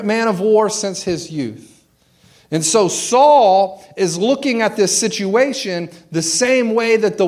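A man preaching through a scripture passage, reading verses aloud and then retelling them in casual, everyday words, often repeating a word as he restarts. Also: high-pitched. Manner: reads scripture then paraphrases it in casual slang. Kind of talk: expository sermon.

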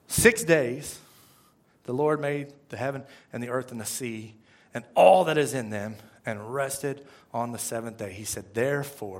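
A man preaching a conversational sermon, often asking the congregation questions. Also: medium pitch. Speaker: pastor.

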